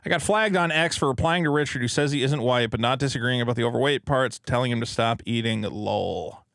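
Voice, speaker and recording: A man's voice: mid-range voice, brisk, gravelly, fairly bright tone, no room sound, clean studio sound. A man from Massachusetts co-hosting a podcast, reading viewer messages in a chatty, wry way and laughing easily. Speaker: podcast co-host.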